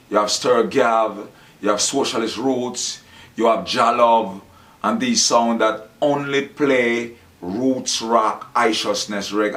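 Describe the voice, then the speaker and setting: A man's voice: medium pitch, fairly bright tone. A man talking in a rambling, preachy monologue, acting out the dialogue he quotes. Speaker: Rasta speaker. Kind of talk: casual monologue.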